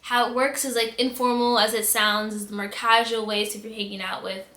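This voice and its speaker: Speaking a little fast with a higher-pitched voice, a woman from the United States tells embarrassing stories in a relaxed vlog. The echoey recording captures her lively storytelling as she dramatically reenacts her reactions with big vocal shifts.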